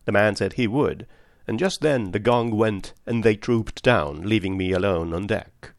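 A man narrating a comic story in the first person with a lively, expressive reading. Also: on the low side, a little slow, no room sound, clean studio sound. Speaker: audiobook narrator.

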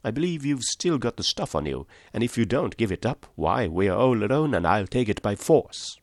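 A man's voice: mid-range voice, lively intonation, normal speed, dry recording, clean studio sound, natural voice. A man voicing a towering, boastful master criminal in an audiobook, scornful and triumphant. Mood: threatening.

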